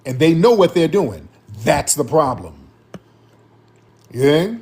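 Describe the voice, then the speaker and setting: A man's voice: fairly high pitch, very animated, slow pace, a little mellow, husky. A man hosting a live-stream commentary show and taking callers, talking in an emphatic, repetitive, slang-heavy way.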